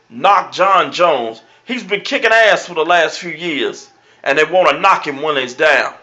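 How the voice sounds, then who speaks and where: A brash man calling his sports picks in a vlog, hammering home guarantees and stock phrases. His voice sits fairly high and very bright and forceful. The sound is dull and lo-fi. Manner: brash, emphatic predictions; repeats catchphrases. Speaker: sports show host. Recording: dull lo-fi recording.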